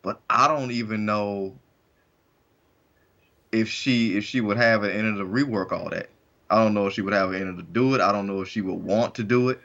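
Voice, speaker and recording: A man with a low voice co-hosts a podcast in loose, casual chat. He rambles, restarts and leans on "to me" as he works his way to a point. The recording is dull and lo-fi. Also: brisk, gravelly, fairly bright tone. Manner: rambling, restarts often, hedges with "to me". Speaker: podcast co-host.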